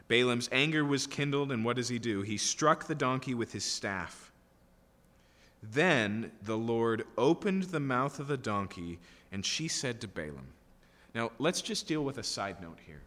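A man's voice: mid-range voice, a bit bright. A man preaching an expository sermon, emphatic and full of rhetorical questions and checking "okay?" tags. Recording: long hall reverb.

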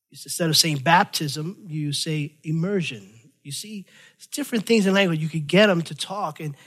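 A man preaching a sermon as pastor, teaching from scripture in an animated way, with chatty, self-deprecating asides. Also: fairly high pitch.

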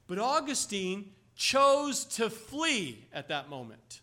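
A man's voice: high voice, big pitch swings, takes it slowly, hardly any pauses, bright, forceful tone. A man preaching a sermon, telling stories with emphatic exclamations.

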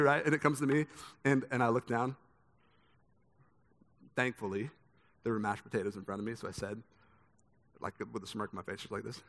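A man's voice: mid-range voice, fairly quick, pauses often, a bit bright. A young man preaching a sermon, speaking conversationally with a lot of repeated words as he tells stories. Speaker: pastor. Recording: long hall reverb.

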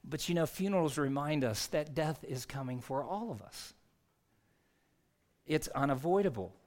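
Higher-voiced man preaching a sermon. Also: lively intonation, moderate pace, a little mellow. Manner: conversational storytelling, earnest. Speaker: pastor.

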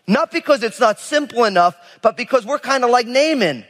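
Male pastor, high-pitched, animated storytelling sermon, reverberant hall sound. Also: a little fast. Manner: animated, acts out biblical figures in casual voices.

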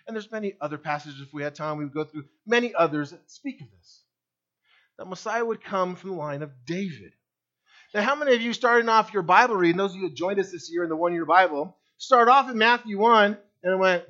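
A man preaching a sermon in a high, lively voice that swings widely as he presses his points. He fires rhetorical questions at his listeners. The recording sounds dull and lo-fi. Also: fairly quick. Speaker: pastor.

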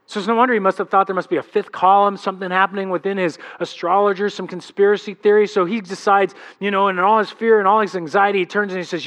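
High-voiced conversational male pastor. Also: steady tone, fast, hardly any pauses, fairly bright tone. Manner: conversational, acts out quotes. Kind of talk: sermon.

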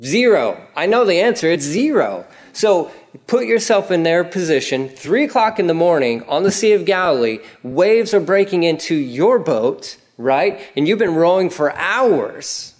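Animated man preaching a casual sermon. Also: measured pace. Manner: animated storytelling, acts out prayers in a raised pitch. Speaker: pastor.

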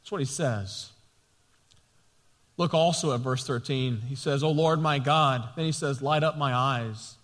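A man preaching a sermon as a pastor, passionate and building to loud, emphatic peaks. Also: medium pitch, a little slow, in a large hall. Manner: impassioned preaching, rising loud at key points.

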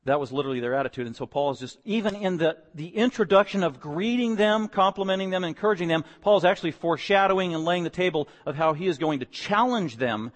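A man preaching a sermon, emphatic and building to loud, repeated declarations. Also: high-pitched, expressive, fast, few pauses, big-room sound. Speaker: pastor.

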